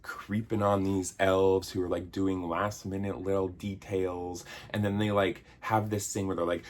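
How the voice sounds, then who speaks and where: A man's voice: fairly low pitch, moderate pace. A man in his thirties giving a sarcastic, exasperated comedic film review, swearing casually. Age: 30s. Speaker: video essayist reviewing a film. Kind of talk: comedic movie review rant.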